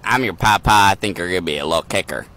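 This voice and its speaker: A man at a family gender reveal, making a halting announcement. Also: low-pitched, expressive, pushed and bright.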